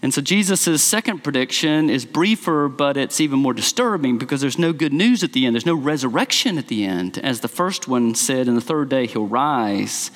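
A man preaching a sermon as pastor, earnest and emphatic, speeding up and slowing down to stress his points. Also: fairly bright tone, big-room sound. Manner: earnest, emphatic, varies pace and pitch widely.

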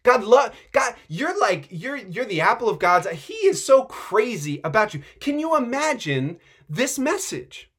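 Excitable pastor guy, chatty sermon, lots of "like", voice jumps all over. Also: very high-pitched, unhurried, breathy edge. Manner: animated, chatty, excitable, uses filler "like". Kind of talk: conversational sermon.

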